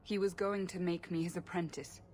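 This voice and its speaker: A woman's voice: fairly low pitch, fairly even intonation, brisk, a little mellow, lightly acted. An actress playing a desperate young woman mage in a video game, defensive and pleading.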